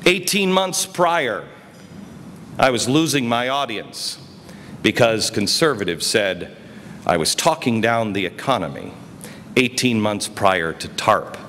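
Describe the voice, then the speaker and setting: A man giving an emphatic political speech at a conference, his voice swinging between quiet and loud. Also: mid-range voice. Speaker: speaker. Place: conference hall. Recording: reverberant hall, faint noise.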